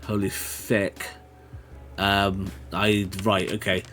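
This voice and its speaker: A man's voice: lowish voice, little pitch movement, slow, fairly bright tone, soft background music. A man chatting casually to his viewers while playing a game on a livestream, rambling and swearing when startled. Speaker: streamer. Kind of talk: casual gaming livestream chat.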